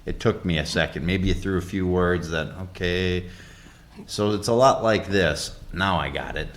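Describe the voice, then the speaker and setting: A man's voice: low voice, moderate pace. A man co-hosting a casual podcast, agreeable and affirming as he talks. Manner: agreeable, backchannels often, describes himself as a visual thinker. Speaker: podcast co-host.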